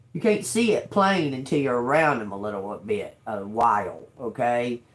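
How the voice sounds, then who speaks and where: A woman's voice: on the low side, roomy sound. A woman telling a story in a blunt, profane, laughing way during a livestream. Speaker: tarot reader livestreaming. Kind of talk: casual storytelling chat.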